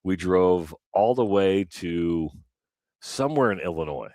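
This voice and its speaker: Radio co-host, male, very low voice, dry studio sound, lively storyteller. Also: a little slow, no echo. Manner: animated, acts out quoted voices. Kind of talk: casual storytelling on morning radio.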